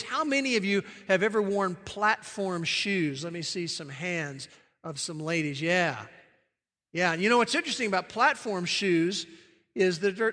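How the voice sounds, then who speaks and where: A man's voice: sits high, bright, forceful tone. A man preaching a sermon to a congregation, emphatic, shifting his pace and asking the people questions. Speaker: pastor. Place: church sanctuary. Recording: reverberant church hall.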